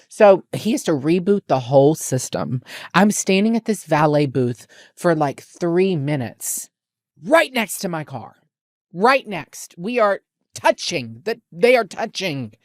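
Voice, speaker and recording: A young woman telling a story in a casual, animated vlog rant, exasperated and repeating lines for effect. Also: on the low side, normal speed, dry recording, clean studio sound. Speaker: vlogger.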